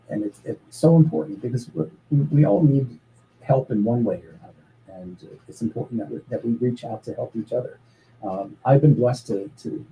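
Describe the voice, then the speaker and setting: A man talking earnestly as an interview guest about his charity's work, pausing often with fillers and restarts. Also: on the low side, dark tone, a little hiss or hum, poor audio. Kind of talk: casual interview talk.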